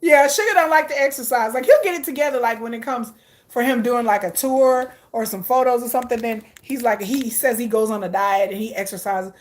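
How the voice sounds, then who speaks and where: Woman vlogger, slightly high-pitched, excitable casual chatter, laughs a lot. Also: fairly quick. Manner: reacts aloud to viewer comments. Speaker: K-pop vlogger. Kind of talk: casual chat.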